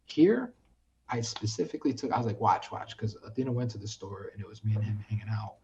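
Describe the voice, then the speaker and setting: A man from the United States, a podcast guest chatting casually, who tells animated stories and acts out what people said. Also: on the low side, fast, lo-fi sound, slight background noise. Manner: animated storyteller, acts out quoted speech. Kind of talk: casual chat.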